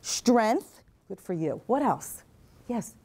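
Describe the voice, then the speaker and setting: Speaking slowly in a fairly high, darkish, very animated voice, a middle-aged woman addresses a class of nursing students in a classroom or lecture hall. She's a mental health advocate whose earnest motivational talk is full of questions to the audience, whose answers she repeats aloud.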